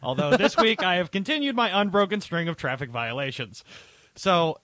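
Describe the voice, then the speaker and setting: A man's voice: high-pitched, expressive, normal speed, pushed and bright, no room sound. A man co-hosting a casual talk show, telling a rambling and profane story with plenty of exasperation. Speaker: co-host. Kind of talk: casual podcast chat.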